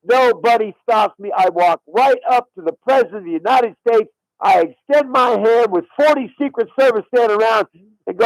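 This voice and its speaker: On a radio show recorded in a studio, a middle-aged former caddie tells a long story, swearing on his daughter's life. His voice sits high and gravelly, and he talks fairly quickly. The recording is dry and rough.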